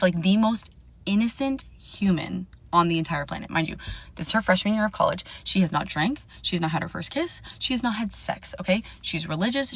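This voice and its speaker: Young woman, casual storyteller; animated, blunt, swears, voices the people in her story. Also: medium pitch. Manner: animated, swearing, acting out quoted dialogue.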